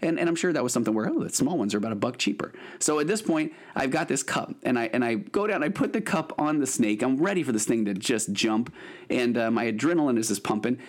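A man's voice: medium pitch, fast. A man in his late forties, a therapist hosting his own podcast, telling a story casually with lots of restarts and fillers. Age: 40s. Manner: animated, rambling with frequent restarts and fillers.

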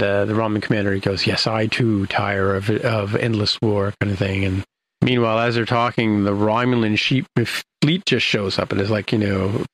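Older male host, gravelly and fairly low-pitched, loose rambling recap full of fillers. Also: a little hiss or hum, low-quality recording. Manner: rambling, many fillers and restarts. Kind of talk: casual episode recap.

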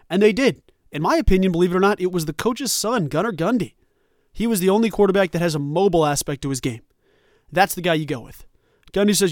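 A man hosting a college football commentary show, talking in an animated, emphatic and sarcastic way. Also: fairly high pitch, brisk, dry recording, clean studio sound. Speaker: sports show host.

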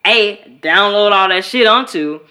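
A woman from Chicago co-hosting a podcast in casual chat, animated and profane, acting out quoted voices. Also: medium pitch, a little slow, clean tone. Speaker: podcast co-host.

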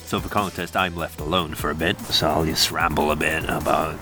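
Low gravelly man muttering offhandedly. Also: steady tone, a little fast. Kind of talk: rambling solo aside. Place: outdoors. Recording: music playing behind.

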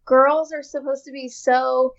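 A woman's voice: high voice, little pitch movement, measured pace, lo-fi sound. A woman in casual conversation, making an earnest point with long lists of examples. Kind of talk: casual chat.

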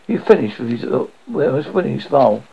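A man's voice: mid-range voice, big pitch swings, brisk, gravelly, husky. A man reading a story aloud, stumbling and restarting now and then. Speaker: audiobook reader. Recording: dull lo-fi audio.

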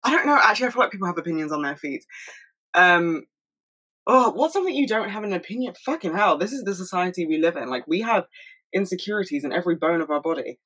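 A young woman talking fast and rambling in a casual monologue at home, swearing freely. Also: on the low side, animated, a bit bright, husky, poor audio. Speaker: solo podcast host.

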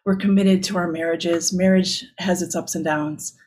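Woman, middle-aged, lower voice, confessional storytelling. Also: fairly even intonation, moderate pace, a little mellow. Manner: intimate, confessional. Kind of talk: personal storytelling.

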